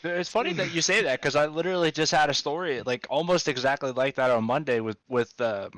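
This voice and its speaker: A man's voice: fairly high pitch, brisk, a bit bright, dry recording, low-quality recording. A man hosting a casual podcast, rambling through a story and swearing freely.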